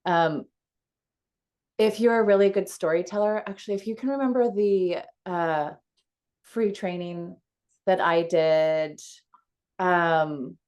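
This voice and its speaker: A woman coach leading a casual teaching call from home over a video call, chatty and quick to laugh, with frequent fillers. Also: fairly low pitch, a little mellow, smooth.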